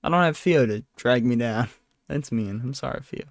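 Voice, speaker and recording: A tired man hosts a solo podcast, chatting casually in a rambling, self-deprecating way and apologizing a lot. His mid-range voice is animated and moderately paced, recorded on a handheld mic at a desk with clean, echo-free studio sound.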